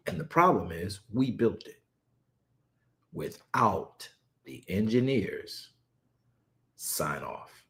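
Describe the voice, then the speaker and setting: A man preaching a lively Sabbath study on a livestream, repeating words and adding playful asides. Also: on the low side, slow, gravelly, long pauses. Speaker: pastor leading online Sabbath study. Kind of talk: lively sermon and livestream chat.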